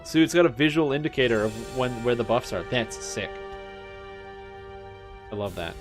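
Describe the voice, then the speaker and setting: A young man commentating a game on his stream, casual and quick to get excited. His voice sits at an ordinary middle pitch, and faint music plays under his talk. He swears freely and drops into silly offhand voices. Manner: excitable, swears, chats with viewers.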